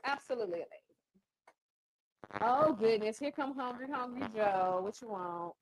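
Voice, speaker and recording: A woman's voice: fairly high pitch, moderate pace, slight background noise, rough recording. A woman chef hosting a casual cooking show, chatting playfully and teasing her guests while she cooks. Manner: playful, teasing, Southern-style slang. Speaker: chef and podcast host.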